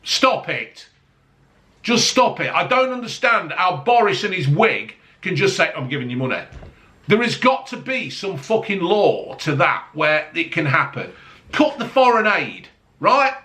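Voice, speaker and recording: A man's voice: high voice, sing-song, measured pace, bright, forceful tone. A man ranting angrily in casual chat, swearing as he talks to camera. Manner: angry, sweary rant. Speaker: vlogger.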